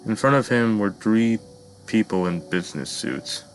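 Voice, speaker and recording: Deep-voiced man narrating a dark story. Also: animated, soft background music, low-quality recording. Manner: measured storytelling, addresses listeners.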